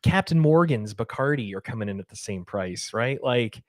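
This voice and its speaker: A man's voice: medium pitch, expressive, moderate pace, no echo, studio quality. A man co-hosting a spirits tasting podcast, with an easygoing, joking manner. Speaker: podcast co-host. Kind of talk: casual chat.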